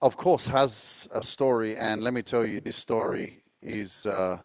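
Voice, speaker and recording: A man's voice: fairly low pitch, measured pace, no echo. A man with an Australian accent hosting a live motivational event, introducing a guest and firing up the crowd. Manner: hypes the crowd, shouting. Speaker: event host and speaker.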